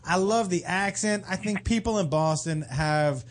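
A man co-hosting a casual radio talk show, animated and swearing, with halting restarts. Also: sits high. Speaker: co-host.

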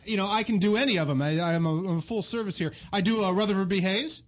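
A man's voice: high voice, fast talker, close to an everyday voice. A man playing a boastful, self-assured celebrity voice coach in a comedy podcast bit. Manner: showy, self-assured, full of bluster. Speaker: comedy podcast guest character.

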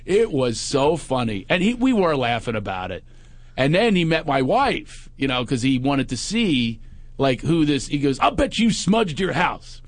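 A man on a podcast telling a story with lively energy and acting out both sides of the conversation in loud, high voices. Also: normal speed, dry recording. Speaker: comedian and podcast co-host. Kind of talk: animated storytelling chat.

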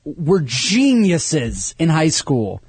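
A man's voice: fairly high pitch, huge pitch swings, very slow, a little mellow, husky, no echo. A man hosting a podcast, teasing his guest in a wry, casual chat. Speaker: podcast host.

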